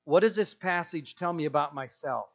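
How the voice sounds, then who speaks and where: A man's voice: fairly high pitch, normal speed, gravelly, highs cut off. A male pastor preaching a sermon in an emphatic way, repeating key phrases for weight.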